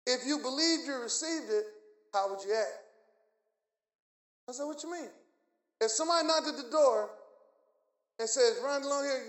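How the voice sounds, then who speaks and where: Preacher guy with a really high voice, telling his story all animated, lots of echo around him. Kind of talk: sermon testimony. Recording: echoey room.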